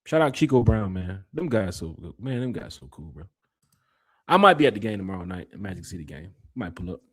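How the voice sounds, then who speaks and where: A man hosting a casual fan podcast, reading out chat comments and giving shout-outs. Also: sits low, big pitch swings, fairly quick, husky. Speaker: podcast host. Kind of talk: casual live-stream chat.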